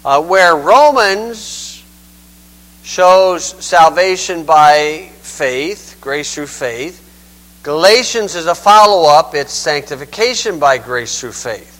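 A man's voice: fairly high pitch, lively intonation, takes it slowly, a bit bright, rough recording. A man giving a conversational Bible teaching, folksy and digressive, often saying "okay".

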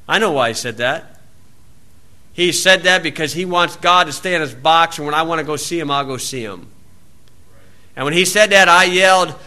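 A male preacher delivers a sermon in a bright, somewhat high voice. He tells homespun stories and acts out the people in them. He shouts the scripture quotes loudly. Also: moderate pace.

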